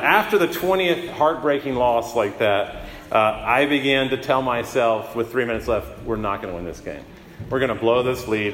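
Middle-aged pastor preaching in an echoey hall. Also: male voice, mid-range voice, a bit bright, slight background noise. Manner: conversational, self-deprecating, with frequent restarts. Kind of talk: sermon. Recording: roomy hall with long reverb.

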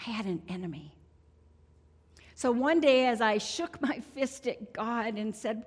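A woman in her sixties, serving as a prayer minister, shares a heartfelt, conversational testimony sermon in a church sanctuary. Her voice is a little high and husky, slowish, with lively intonation, and the hall's reverb lingers long.

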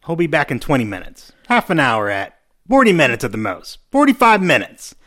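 Man, podcast co-host, casual recap, acts out lines, lively pitch, bright tone. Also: a little fast. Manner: narrates scenes, acts out lines. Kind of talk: casual chat, recapping an episode.

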